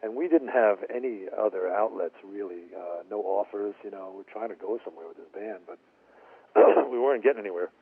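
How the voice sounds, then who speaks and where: Man, husky low voice, lively storyteller, tinny phone line. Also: a little fast. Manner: animated storyteller acting out quotes. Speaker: guitarist guest. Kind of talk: storytelling in a radio interview.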